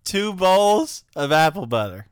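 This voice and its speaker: A man guessing his way through a quiz on a comedy podcast, his pitch swinging up and down. He takes his time and keeps breaking into laughter. His voice sounds dry and close to the mic. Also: sing-song, clean tone, no room sound. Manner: unhurried, mumbled answers, laughs a lot. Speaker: podcast co-host answering a quiz. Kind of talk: casual comedic podcast banter.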